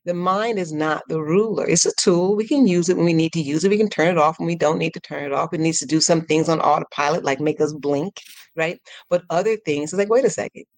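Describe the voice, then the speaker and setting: A woman coach guesting on a podcast, speaking in a lively, animated way, laughing often and acting out her inner voice in playful high tones. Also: fairly quick, dry recording. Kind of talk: casual podcast interview.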